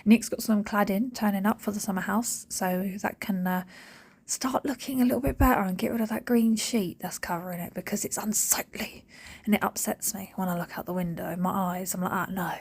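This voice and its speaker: A woman, rambling in a jokey, animated way as she talks over her cleaning video. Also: mid-range voice, fairly quick, gravelly, slightly rough. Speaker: cleaning vlogger. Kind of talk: chatty voiceover.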